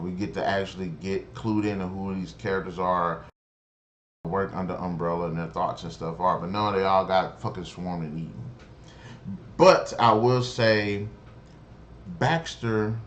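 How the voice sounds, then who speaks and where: A man with a somewhat low voice rants through a casual episode review. He swears constantly, restarts his sentences and sounds openly exasperated. A faint hiss of noise sits under his voice. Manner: profane, exasperated and rambling. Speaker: show reviewer.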